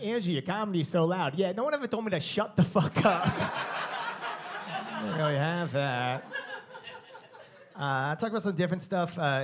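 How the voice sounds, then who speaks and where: Man, Long Island accent, brash stand-up, cussing, high-pitched. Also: background noise. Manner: brash, swears often, animated. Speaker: stand-up comedian. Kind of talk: stand-up set.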